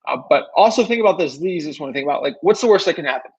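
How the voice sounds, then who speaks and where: A young man coaching real estate wholesalers in a casual spoken tutorial, chatty and repetitive with lots of fillers and animated asides. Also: fairly high pitch, racing, husky. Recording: dull lo-fi audio.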